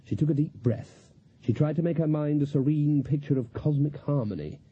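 A man giving a dry, measured scripted audiobook narration on a slightly dull lo-fi recording. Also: a little high, husky.

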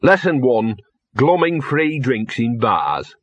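A male narrator doing a scruffy, cheeky talking dog for a storybook, voice pushed well up and loud with a coarse edge. The tone is husky and the recording sounds dull and dry. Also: medium pitch, very animated, slow, dry recording, exaggerated voice.

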